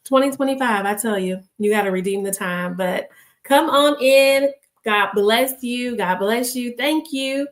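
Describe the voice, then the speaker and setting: A woman's voice: medium pitch, moderate pace, hardly any pauses. A woman hosting a ministry livestream, giving casual, encouraging bedtime words and blessing her viewers. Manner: upbeat, blessing viewers, easygoing fillers. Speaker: ministry host. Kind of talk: casual encouraging devotional talk.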